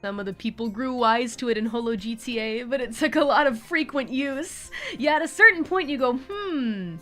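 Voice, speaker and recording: A woman hosting a relaxed live stream from home, chatting casually, laughing often and cooing at her cat. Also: a little high, brisk. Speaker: livestream host. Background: faint background music.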